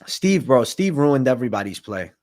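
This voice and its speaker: A man's voice: medium pitch, big pitch swings, normal speed, a little mellow. A man hosting a live stream of fight predictions, talking in a brash, slangy and profane way. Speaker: host.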